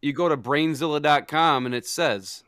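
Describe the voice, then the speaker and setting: A man's voice: on the high side, moderate pace, a bit bright, clean tone, no echo, studio quality. A young man hosting a casual podcast chat, teasing his co-hosts and moving the segments along. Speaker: podcast host.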